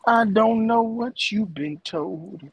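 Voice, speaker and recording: A man's voice: high voice, slow pace, creaky, slightly rough. Hesitant man in casual chat. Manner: hesitant, repeats words. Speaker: podcast co-host.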